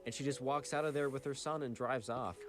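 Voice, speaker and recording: A man's voice: mid-range voice, fairly even intonation, fairly quick. Guy telling a story casually, lots of likes and rights, music playing under him. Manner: chatty, fillers like "like" and "right". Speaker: storytelling channel narrator.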